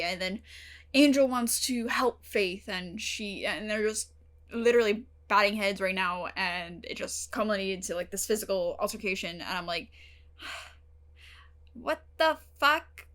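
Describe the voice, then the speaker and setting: A woman's voice: medium pitch, unhurried. A young woman hosting her own channel, talking casually and emotionally to the camera, full of fillers and the odd swear word. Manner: emotional, animated, heavy use of fillers and swearing. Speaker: reaction channel host. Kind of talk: casual talk to camera about a TV episode.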